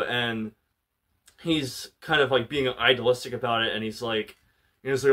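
Retelling a movie's storyline, this male reviewer sounds slightly bright, with a steady medium pitch and moderate speed. He keeps it relaxed and conversational, leaning heavily on "like" and "you know."

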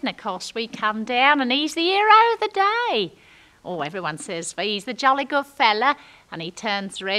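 A chatty young girl. She rambles along in ungrammatical gossip, and her bright voice leaps up and down. The whole piece is a comic stage monologue. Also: mid-range voice. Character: chatty working-class young London woman.

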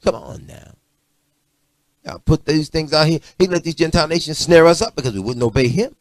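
A middle-aged man preaching a sermon, swinging from loud emphatic lines to low muttered asides. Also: fairly quick. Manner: preachy, rising to shouts and dropping to low asides.

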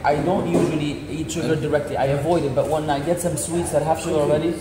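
Joking high-voiced man on a campus. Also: fast talker. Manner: joking, animated teasing. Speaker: visiting guest speaker. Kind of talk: casual vlog chat. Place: outdoors on a university campus. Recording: echoey with loud crowd noise.

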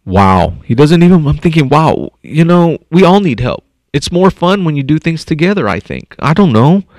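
At an elementary school, a man serving as district superintendent reads a picture book to young kids, animated and frequently stopping to think aloud and make comments. His pitch is fairly high, his speed normal, and the recording dry.

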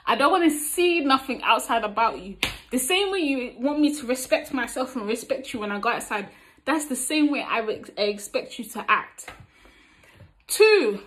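A woman talks straight to camera about relationships in a frank, playful way. Her voice sits a little high, and she often breaks into laughter as she teases and gives advice. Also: fairly bright tone. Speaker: vlogger giving relationship advice. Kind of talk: casual advice talk to camera.

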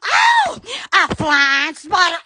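A woman's voice: very high voice, huge pitch swings, slow pace, raised voice, crowd noise. A woman hosting an Instagram live from home on her phone, chatting in a rambling, giggly, exclamatory way. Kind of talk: rambling live-stream chat.

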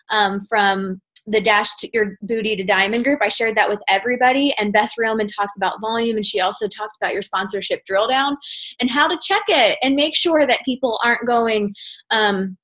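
Woman, higher-pitched, energetic team coach, chatty and rambling, computer-mic video call sound. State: out of breath. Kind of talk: casual call chat.

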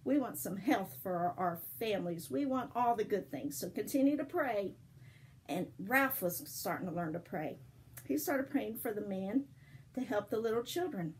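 An older woman with a husky voice, gently telling a story and devotional to her grandchildren. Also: medium pitch, expressive, moderate pace, a little hiss or hum, low-quality recording. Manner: gentle, affectionate, sings softly. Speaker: storyteller for children.

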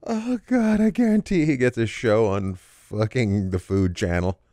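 A man's voice: mid-range voice, animated, unhurried, dark tone, no room sound, clean studio sound. A man guesting on a comedy podcast, joking, laughing a lot and swearing freely. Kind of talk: casual comedy podcast chat.

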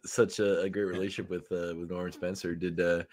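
A man's voice: low-pitched, flat delivery, a little fast, darkish tone. A man hosting a podcast interview, asking questions in an eager, encouraging way. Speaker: podcast host. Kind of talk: casual interview chat.

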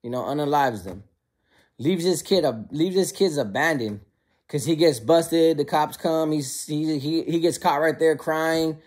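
A man who served time, casually telling prison stories in a slangy, animated way. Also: fairly high pitch, measured pace. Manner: slangy and conversational, often calls listeners bro; animated, acts out quoted lines. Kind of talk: casual storytelling to camera.

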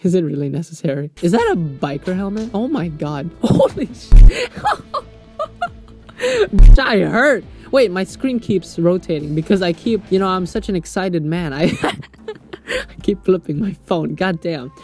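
Excitable young man's let's play commentary. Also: sits high, moderate pace, soft background music. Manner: loud excitable outbursts and crude joking. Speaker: gaming YouTuber.

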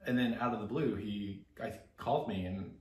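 Relaxed man chatting on a walk. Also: lowish voice, moderate pace, roomy sound. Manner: relaxed conversational, asks questions. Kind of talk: casual chat on a walk.

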